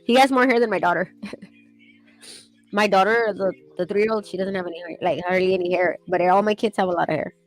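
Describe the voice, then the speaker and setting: A woman's voice: mid-range voice, fairly even intonation, brisk, rough recording. Rambly young woman chatting, music faint. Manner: rambling, laughing, swearing casually. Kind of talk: casual chat while sketching.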